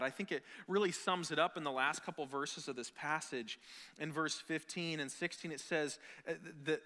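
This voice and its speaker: A male pastor preaching with a bright, forceful, fairly high voice that swings from hushed to loud. He is lively, cracks asides and acts out scenes. His voice rings with a long reverb in a church sanctuary. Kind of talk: sermon.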